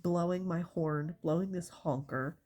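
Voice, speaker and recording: A woman's voice: on the low side, fairly even intonation, a little slow, darkish tone. A woman with a stuffy, congested nose, doing a stand-up comedy bit in an exasperated, rambling way, swearing often.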